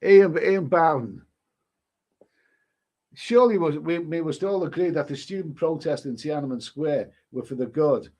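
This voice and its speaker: A man's voice: a little high, normal speed, darkish tone. A man hosting a casual live stream, reading viewer comments aloud and answering them with rambling, chuckling asides and many restarts.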